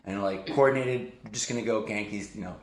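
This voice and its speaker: Animated rambling man in an echoey room. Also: on the low side, fairly quick. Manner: rambling and animated, heavy use of "like", swears often. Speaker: podcast host. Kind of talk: casual storytelling to a sibling. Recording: roomy echoey raw audio.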